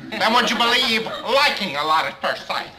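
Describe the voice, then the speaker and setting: A man's voice: high voice, animated, moderate pace, a little hiss or hum, exaggerated voice. An actor playing a corny man on a blind date who cracks jokes and does impressions nonstop, in a sitcom. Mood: joking. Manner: joking nonstop, punchline delivery. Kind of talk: sitcom acting. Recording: echoey studio with a loud audience.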